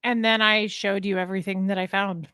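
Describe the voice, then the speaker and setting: A woman's voice: medium pitch, little pitch movement, brisk, sharp tone, smooth, no echo, studio quality. A woman hosting a livestream, talking conversationally with her guest and laughing easily. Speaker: livestream host. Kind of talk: casual livestream chat.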